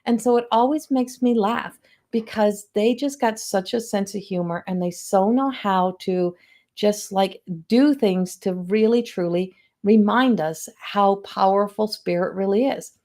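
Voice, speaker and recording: A middle-aged woman talks casually to viewers on a livestream from home, her voice in a middle register. She is chatty and animated and often slips into quoting other people. It sounds like a webcam mic in a home room. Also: mid-range voice, measured pace. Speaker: psychic medium hosting a livestream.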